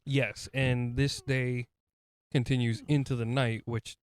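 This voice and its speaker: A man's voice: mid-range voice, level tone, slow pace, clean tone. A man co-hosting a podcast who chats playfully about a film, asking questions and cracking jokes. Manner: chatty, playful jokes, often asks questions. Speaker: podcast co-host. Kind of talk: casual film discussion.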